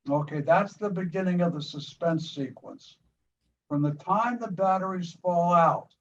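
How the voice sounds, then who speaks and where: Being interviewed, this older filmmaker from the United States tells the story of a film shoot, his fairly high voice vividly retelling each scene. Quick restarts and repeated words fill his speech, which comes through muffled and far off over light background hiss.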